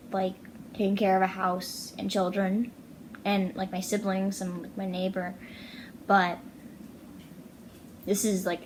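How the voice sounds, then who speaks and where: A woman's voice: mid-range voice, a little hiss or hum, low-quality recording. A young woman chatting casually in a vlog, rambling with lots of fillers, alone in a house. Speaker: vlogger. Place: house, indoors.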